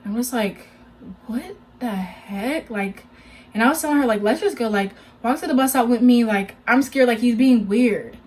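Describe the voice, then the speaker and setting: A woman's voice: a little high, a little fast, darkish tone. Young woman telling a chatty storytime. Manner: chatty, heavy use of "like"; earnest, cautionary. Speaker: vlogger. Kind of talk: casual storytime.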